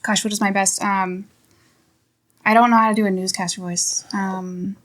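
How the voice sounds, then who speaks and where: A woman's voice: mid-range voice, little pitch movement, normal speed, a bit bright. A woman co-hosting a podcast in casual chat, mostly short replies and dry jokes. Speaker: podcast co-host.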